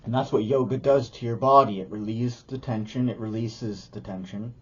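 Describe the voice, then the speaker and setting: Husky-voiced man, loose rambling talk. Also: medium pitch, steady tone, moderate pace, a bit bright, muffled recording. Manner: loose, rambling, restarts mid-sentence. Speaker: yoga teacher and video creator. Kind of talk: casual talk to camera.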